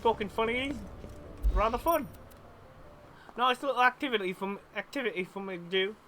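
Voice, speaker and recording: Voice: mid-range voice, normal speed, pushed and bright, slight background noise. A streamer commentating a live game in a put-on mix of Cockney and Australian accents, rambling and repeating phrases with self-amused asides.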